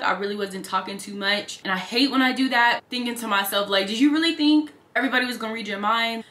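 A woman's voice: mid-range voice, bright, forceful tone, echoey room. A woman in her twenties chatting casually while she does her makeup for a lifestyle vlog. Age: 20s. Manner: chatty, upbeat, slangy. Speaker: lifestyle vlogger. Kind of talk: casual get-ready-with-me narration. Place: bedroom at a vanity.

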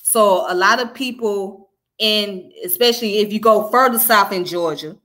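A woman with a Southern US accent who talks fast and casually, teaching history on a live stream and chatting to her viewers. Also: medium pitch, bright, forceful tone. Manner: fast-talking, conversational, says "you know what I'm saying". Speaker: livestream host teaching history.

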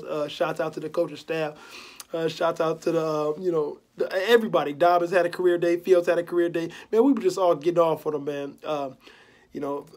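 A man's voice: a little high, darkish tone. A young man vlogging a mock post-game press conference, boasting and trash-talking in laid-back slang.

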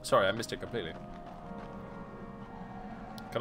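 A man's voice: medium pitch, expressive, normal speed, bright, forceful tone, faint music behind. A young man streaming a game, chatting casually and joking with frequent laughs. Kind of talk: casual gameplay commentary.

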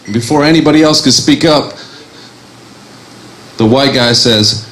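A man's voice: medium pitch, measured pace, pauses often, fairly bright tone, a little hiss or hum. A man doing an edgy stand-up comedy set, baiting the crowd on a club stage with a microphone. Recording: roomy live club recording.

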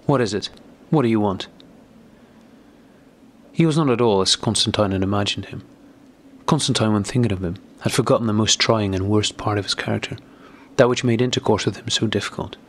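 A man narrating a classic novel as an audiobook in a measured, deliberate reading. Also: lowish voice.

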